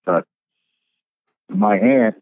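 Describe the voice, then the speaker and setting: A middle-aged man who works as a professional Santa Claus, telling stories in a relaxed, chatty way. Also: extremely slow, dry recording. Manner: relaxed storyteller, acts out voices in his tales. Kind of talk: casual podcast storytelling. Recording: thin phone-like line.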